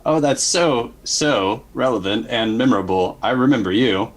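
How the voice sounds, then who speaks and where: A man's voice: mid-range voice, normal speed, natural voice, rough recording. A man voicing an overly polite male robot companion who talks in stiff, formal phrases.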